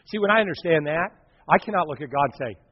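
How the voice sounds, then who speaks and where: Husky preacher man in a big hall. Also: on the high side, expressive, fast talker. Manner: dramatic, swings from hushed murmurs to loud exclamations. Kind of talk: sermon. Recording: reverberant hall, dull lo-fi sound.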